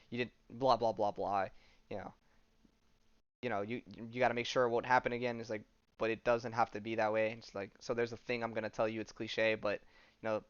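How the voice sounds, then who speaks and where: A man's voice: medium pitch, smooth, dry recording, highs cut off. A male podcast host casually retelling a comic story, reading the dialogue aloud with lots of fillers and swearing.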